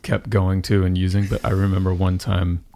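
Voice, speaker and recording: Male podcast co-host, low fry-tinged voice, thoughtful conversational delivery. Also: monotone, moderate pace, mellow, slight background noise. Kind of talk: casual podcast chat.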